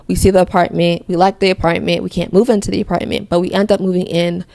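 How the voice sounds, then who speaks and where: Young woman podcaster, gravelly voice, rambles n corrects herself, dry close mic. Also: lowish voice, flat delivery, fast, warm tone, dry recording. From Connecticut. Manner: rambling, self-correcting storyteller. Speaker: podcast host. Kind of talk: personal faith testimony, casual storytelling.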